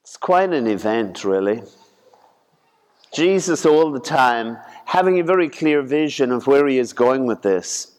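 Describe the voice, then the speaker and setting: Male priest reading scripture and preaching, unhurried and deliberate, smooth resonant tone, echoing church hall. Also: mid-range voice, lively intonation, darkish tone. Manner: slow, measured, deliberate delivery. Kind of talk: gospel reading and homily. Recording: long church reverb.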